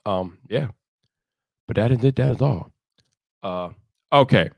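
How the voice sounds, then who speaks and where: A man hosting a casual live stream, talking in an animated way, repeating himself and ranting loudly when annoyed. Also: medium pitch, measured pace, creaky, no echo, studio quality.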